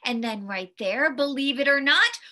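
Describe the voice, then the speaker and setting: A woman reading a picture book aloud to children, very expressive, with gasps and hushed whispery asides. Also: high voice, normal speed. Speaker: storyteller.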